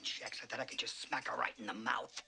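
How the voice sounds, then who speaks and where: A man's voice: medium pitch, steady tone, fast talker, creaky, very noisy. A man in a spoof comedy film with a gleeful, prissy manner.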